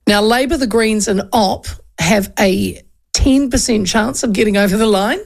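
Talk radio host, New Zealand woman in her fifties, gravelly fry in the voice, chatty and rambling. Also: medium pitch, normal speed. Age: 50s. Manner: chatty, rambling, with frequent ums and asides. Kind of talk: casual political talk.

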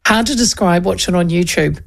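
Middle-aged woman from New Zealand, radio host, gravelly voice, loose chatty delivery. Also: fairly low pitch, brisk. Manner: chatty, laughs often, trails off mid-sentence. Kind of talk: casual chat reading listener texts.

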